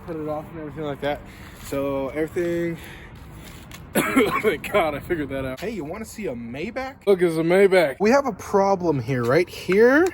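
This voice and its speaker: Rambling man vlogging over street noise. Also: fairly high pitch. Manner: rambling, full of fillers and swearing. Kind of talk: casual vlog talk. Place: outdoors by his truck in an urban area. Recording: outdoor street noise with vehicles. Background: traffic and city ambience.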